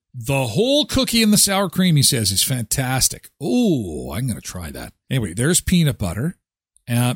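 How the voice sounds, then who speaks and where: A man's voice: mid-range voice, slightly rough, no echo, studio quality. A middle-aged man from Canada hosting a live show, chatting casually and joking sarcastically as he reads viewer comments. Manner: animated, joking, sarcastic asides.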